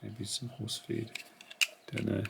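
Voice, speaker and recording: Middle-aged man, low gravelly voice, slow and musing, home unboxing with crinkling packaging behind. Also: monotone. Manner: quiet, musing, talks half to himself. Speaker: collector unboxing a haul. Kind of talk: casual unboxing commentary. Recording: rustling packaging noise behind.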